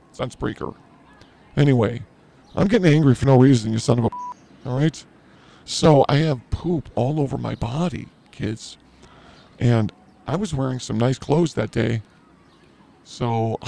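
A man's voice: medium pitch, moderate pace, gravelly, pauses often, dark tone. A man hosting a podcast, telling a crude story in a rambling, self-mocking comedic way. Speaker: podcast host.

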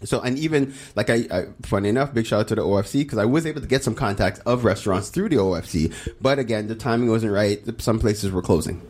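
A man's voice: lowish voice, fast talker, few pauses. A man, co-hosting a chat show and telling a story with lots of energy. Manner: animated storyteller, voice jumping up when excited. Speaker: podcast co-host. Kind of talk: casual chat.

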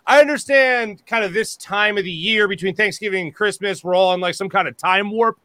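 A man's voice: high-pitched, a little fast, sharp tone, no echo. A man hosting a live post-game talk show, opening with sarcastic exasperation. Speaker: host.

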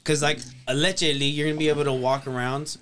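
Podcast co-host, male, slightly high voice, animated and profane. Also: quick pace, slight background noise. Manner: animated, profane storytelling with acted quotes. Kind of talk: casual chat. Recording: studio podcast mic.

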